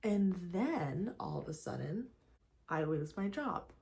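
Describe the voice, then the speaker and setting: A woman's voice: lowish voice, sing-song, slow pace, creaky, darkish tone. A young woman chatting casually while getting ready, talking about faith and surrender, with lots of restarts and fillers. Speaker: faith vlogger. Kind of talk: casual get-ready-with-me chat. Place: at home.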